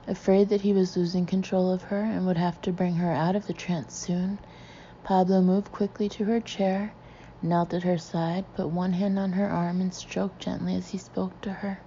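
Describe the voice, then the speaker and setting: A woman reading a suspense novel aloud in a low, mellow, measured voice. The recording is dull and lo-fi, with a faint hiss underneath. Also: flat delivery. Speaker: audiobook narrator. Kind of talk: scripted narration.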